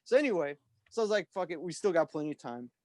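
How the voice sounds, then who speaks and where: A man in his forties telling a long, animated story in casual chat, rambling with lots of "like" and "you know" and swearing freely. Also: on the high side, rapid-fire, dry recording, clean studio sound. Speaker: guest musician.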